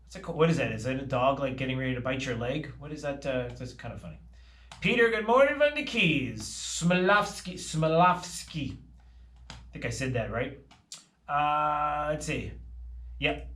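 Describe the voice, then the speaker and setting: A man hosting a morning radio live stream, animated and fast-talking as he greets viewers in a casual chat. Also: medium pitch, echoey room. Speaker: radio show host.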